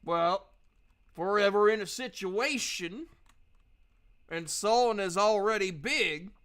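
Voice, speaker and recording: A man's voice: high voice, slow pace, a bit bright. A man voicing a plain, puzzled male warrior who carries a warhammer, speaking with bemused questions.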